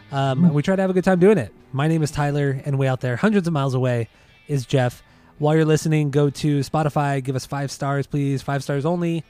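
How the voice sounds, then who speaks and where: A man's voice: on the high side, a little mellow. A man in his thirties hosting a music podcast from home, teasing and dryly stubborn in casual banter. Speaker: podcast co-host.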